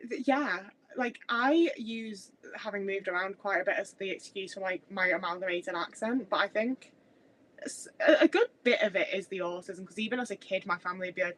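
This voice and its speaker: Livestreaming from her kitchen in Stoke, this thirties woman with a blended Midlands-Scouse accent rambles and restarts often in casual chat. She talks briskly in a mid-range, fairly bright voice, and the webcam mic gives poor audio with slight background noise as she drifts away while cooking.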